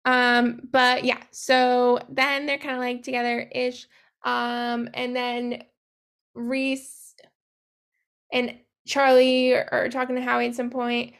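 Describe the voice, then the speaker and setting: Young woman, high gravelly voice, podcast co-host, casual profane chat, acts out quotes. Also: monotone, fairly bright tone. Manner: chatty, profane, quick asides, acts out characters' lines. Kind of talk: casual chat recapping a movie.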